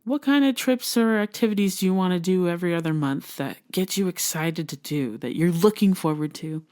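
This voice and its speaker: Woman, motivational podcast host, earnest and encouraging, lowish pitch. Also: a little fast, a little mellow. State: emotional.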